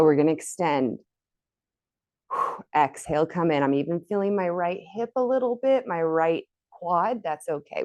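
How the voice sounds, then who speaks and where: Lower-voiced woman coaching a workout. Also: a little mellow. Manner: encouraging, counts reps aloud. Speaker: fitness instructor. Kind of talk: guided workout instruction.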